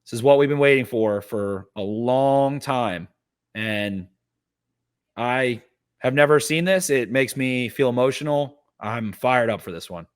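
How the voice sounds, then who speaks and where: A man's voice: mid-range voice, measured pace, smooth. A man co-hosting a casual sports podcast, giving a fired-up, cursing pep talk. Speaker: podcast co-host.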